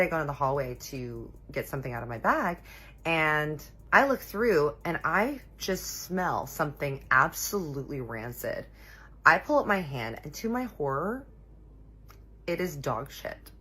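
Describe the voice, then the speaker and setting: Husky-voiced woman telling a dramatic storytime. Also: bright, forceful tone. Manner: candid and dramatic, acts out quoted dialogue with big pitch jumps. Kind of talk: casual storytime monologue.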